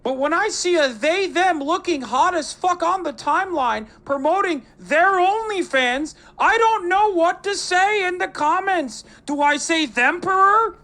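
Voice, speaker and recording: A man's voice: extremely high pitch, expressive, a little slow, few pauses, sharp tone, pitched above the performer's own voice, exaggerated voice. A man putting on a mocking caricature of an older male pundit, whiny and melodramatic.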